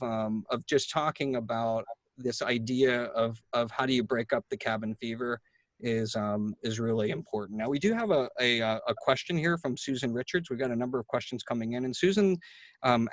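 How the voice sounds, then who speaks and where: A man hosting a talk, telling a story in a chatty, animated way with frequent restarts. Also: mid-range voice, moderate pace, no echo. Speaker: host. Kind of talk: casual conversational storytelling.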